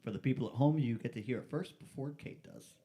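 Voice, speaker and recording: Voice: medium pitch, fast, mellow, slight background noise. A playful host running a silly game show on a live stream, stretching out key words like an announcer.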